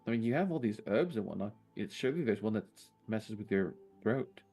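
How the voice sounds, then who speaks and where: A man at a tabletop game tosses out ideas in a casual, playful way. His pitch is lively and varied. Faint music sits in the background. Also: brisk, slightly rough. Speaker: player. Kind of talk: casual tabletop role-play.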